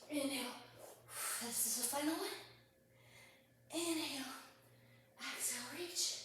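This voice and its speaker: A woman's voice: fairly high pitch, fairly bright tone. A woman leading a pilates mat class, calling out breath cues and movements while exercising, out of breath and upbeat. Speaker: pilates instructor. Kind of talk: guided workout instruction. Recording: echoey room, distant mic.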